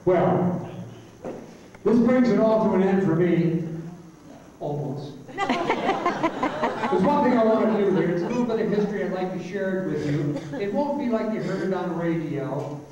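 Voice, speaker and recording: A man's voice: moderate pace, over a noisy crowd. Older man telling a story in an echoey hall. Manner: animated storyteller, booming announcer delivery for the ad. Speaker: award speaker and radio announcer. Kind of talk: storytelling speech to an audience. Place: large hall at an award event. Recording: echoey hall, far from the mic, dull sound.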